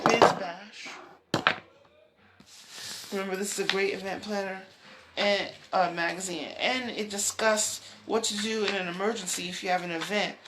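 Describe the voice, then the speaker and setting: A woman hosting her own talk show, rambling from topic to topic, restarting phrases and laughing softly. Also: mid-range voice, creaky, background noise. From United States. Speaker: show host.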